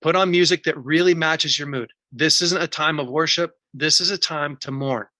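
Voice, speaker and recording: Interview guest, male, bright and forward tone, candid, walks through his process step by step. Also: on the high side, normal speed, no room sound. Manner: earnest, teaching in numbered steps; candid and emotional about personal pain. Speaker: podcast guest, recovery coach. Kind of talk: podcast interview.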